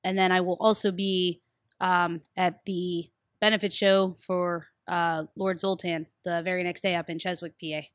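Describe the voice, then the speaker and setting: A woman's voice: fairly low pitch, little pitch movement, moderate pace, no echo, studio quality. A woman wrestler appearing as a podcast guest, talking plainly with a few fillers. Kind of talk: casual podcast chat.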